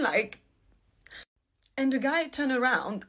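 Husky-voiced woman in an agitated rant. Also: a little high, a little fast, a bit bright. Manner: agitated, rambling retelling. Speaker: woman telling her story on camera. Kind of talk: emotional personal storytelling.

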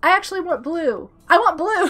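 High-pitched, giggly sick woman streamer. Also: expressive, normal speed, fairly bright tone, soft background music. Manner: bubbly, giggly, reads chat aloud. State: sick with a cough. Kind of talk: casual live-stream chat.

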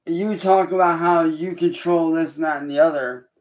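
A man on a livestream, lecturing a critic in a confrontational, defiant way and repeating himself slowly and deliberately. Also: a little high, steady tone. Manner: slow, deliberate, repetitive lecturing. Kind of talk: livestream rant addressed to a critic.

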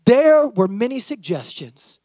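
A man, a youth and worship pastor, preaching a sermon and reading scripture aloud with lively, acted-out emphasis. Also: very high voice, measured pace, dry recording.

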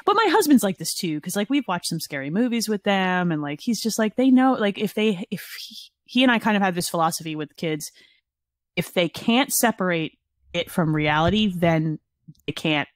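A middle-aged woman guest on a podcast, chatting casually in a wry, self-mocking way with quick asides. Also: on the low side, animated, dry recording, clean studio sound. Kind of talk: casual chat.

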